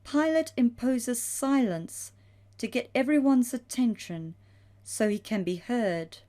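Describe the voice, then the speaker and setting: A woman's voice: on the high side, lively intonation, takes it slowly, dark tone. A woman reading a devotional prayer in a reverent, earnest voice.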